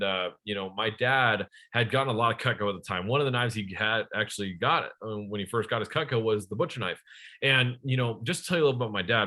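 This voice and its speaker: Bright, energetic young male sales trainer. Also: mid-range voice. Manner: energetic, addresses the audience directly.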